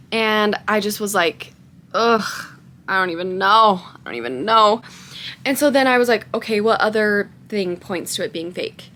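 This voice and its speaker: A young woman tells a story to her camera in a casual vlog. Her voice sits at a middle pitch, and she is animated and indignant as she acts out the back-and-forth. Faint ambient noise hangs behind her. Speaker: vlogger.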